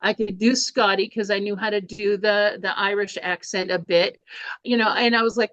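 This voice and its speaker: A woman's voice: medium pitch, fairly even intonation, moderate pace, a bit bright, no echo. An older woman presenting a speaking workshop, talking in an informal, chatty way with fillers and restarts. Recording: dry, slightly dull recording.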